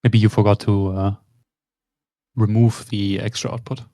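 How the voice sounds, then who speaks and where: Man, low voice, dry close sound, laid-back game chat. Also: little pitch movement, moderate pace, dark tone, no room sound. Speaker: co-player on stream.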